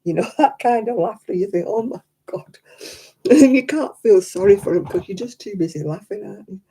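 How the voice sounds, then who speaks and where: A mid-range, slightly rough voice with a dark tone comes from an older woman running a crafting livestream. At a moderate pace she tells casual stories, chatty and quick to laugh.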